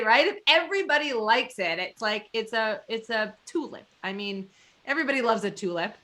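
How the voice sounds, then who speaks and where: Bright, lively woman podcast host. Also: on the high side, brisk. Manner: animated, acts out quoted reactions, swears casually. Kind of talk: casual podcast conversation.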